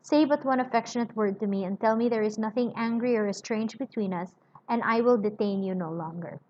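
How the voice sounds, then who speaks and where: A woman's voice: a little high, fairly quick, a little mellow, lightly acted. A woman reading aloud as a devoted older sister who speaks in earnest, pleading tones, on a slightly muffled lo-fi recording. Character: Miss Pross, devoted emotional older sister.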